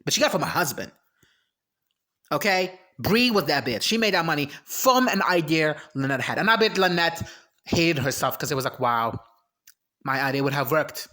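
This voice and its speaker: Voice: mid-range voice, very animated, moderate pace, sharp tone. Heated, profane reaction host. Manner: laughs and trails off mid-sentence. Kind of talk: casual reaction commentary.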